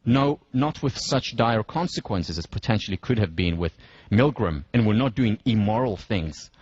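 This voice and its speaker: Husky-voiced man giving a deliberate lecture. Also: on the low side, lively intonation, a little mellow, dry recording, highs cut off. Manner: deliberate, emphatic, slows down to stress points; walks listeners through scenarios step by step. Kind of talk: university lecture.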